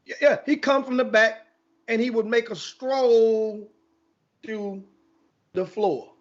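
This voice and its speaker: A man's voice: extremely high pitch, slow, muffled recording. A man hosting a casual sports talk show, telling a long rambling story with many restarts.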